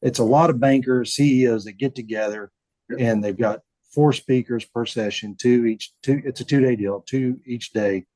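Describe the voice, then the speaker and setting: A man, a bank chief telling stories in a relaxed interview, folksy and often repeating words as he acts out quotes. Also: mid-range voice, moderate pace, no room sound, poor audio. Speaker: bank CEO, podcast guest. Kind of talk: casual storytelling interview.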